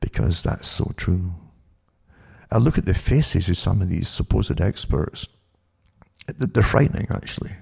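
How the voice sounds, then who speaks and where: A low, heavily gravelly man holding forth on his talk show. He rambles, doubles back and repeats words as he goes. His tone is dark and husky. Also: lively intonation, unhurried. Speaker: show host.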